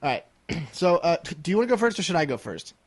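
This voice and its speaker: A young man with a high voice co-hosts a casual podcast, his pitch leaping around as he jokes and teases. The sound is dry and close, with no room around it. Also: very animated, fast, no echo. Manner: joking, playful, throat-clearing. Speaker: podcast co-host.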